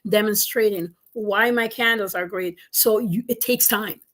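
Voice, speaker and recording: A woman business coach giving advice in an interview, animated and emphatic, repeating her points for stress. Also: medium pitch, unhurried.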